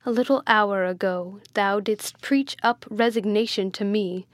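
Woman voicing a commanding, proud prince in a slow storybook reading, stern and forceful, dry close sound. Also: mid-range voice, no echo, lightly acted.

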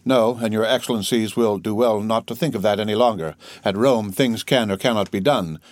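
A man reading aloud puts on a proud Italian innkeeper who is quick to take offence and speaks with earnest insistence. The voice sits a little low, and the dry recording has no room sound. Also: no echo, natural voice. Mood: insistent.

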